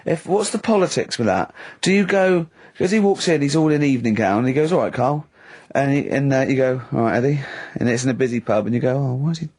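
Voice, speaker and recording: A middle-aged man riffing on a radio comedy show, his voice sitting in a plain middle pitch. He rambles through animated hypotheticals and breaks into high bursts of laughter. The tone is loose and playful studio banter. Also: fast, few pauses. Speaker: radio host.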